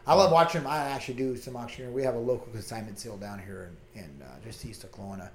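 A man's voice: medium pitch, racing. Amish guy, maintenance manager, laid-back chat, echoey room. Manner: easygoing, plain-spoken. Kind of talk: casual chat. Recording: roomy echo.

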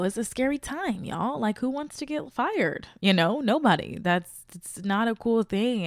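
A woman's voice: lowish voice, no room sound, studio quality. A young adult woman hosting a podcast, telling a personal story in a chatty, slangy way and speaking straight to her listeners. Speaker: podcast host. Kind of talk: casual motivational storytelling.

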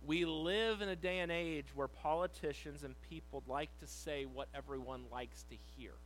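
A man with a high voice preaches a sermon. He reads scripture slowly, in a dramatic way, moving from loud emphasis to soft, quiet lines. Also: steady tone, slight background noise, poor audio. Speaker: pastor.

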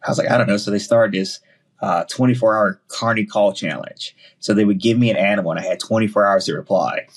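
A husky, low-pitched man with a Southern US accent tells stories in a relaxed podcast chat. He is lively and acts out quotes in quick bursts. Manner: animated, quotes himself and others in quick bursts. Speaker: podcast guest. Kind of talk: casual storytelling chat.

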